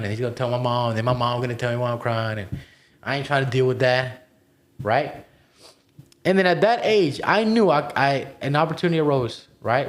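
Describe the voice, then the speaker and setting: An adult man cohosting a podcast tells his own life story in a candid, motivational way. He leans hard on his points, swears freely and keeps throwing in "bro" and "man." His voice sits in an ordinary middle pitch. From immigrated to the United States as a child. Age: adult, past twenty-one. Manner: emphatic and motivational, swears and says "bro" often.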